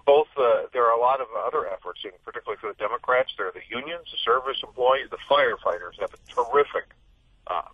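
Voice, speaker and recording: A man's voice: mid-range voice, no room sound. A middle-aged man, a political correspondent, explaining things in an interview and restarting his sentences often, heard over a telephone line. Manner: fluent but full of restarts and "I mean". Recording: husky tinny phone line.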